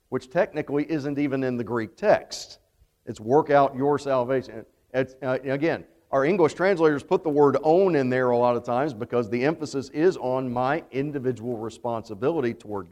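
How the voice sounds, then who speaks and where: A man's voice: medium pitch, expressive, normal speed, a little mellow. A man with a Southern US accent teaching a Bible study class, talking casually and putting questions to the class. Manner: conversational, asks the class questions. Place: church classroom, also streamed online. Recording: long hall reverb.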